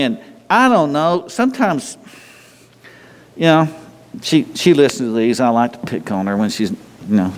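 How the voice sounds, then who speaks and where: A pastor preaching a sermon in a conversational way, often restarting phrases and chuckling as he talks to the congregation. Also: mid-range voice. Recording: long hall reverb.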